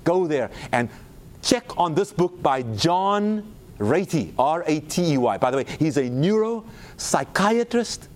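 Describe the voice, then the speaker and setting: A man preaching a sermon, asking the audience questions and slowing down to read quotes with emphasis. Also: a little high, sing-song.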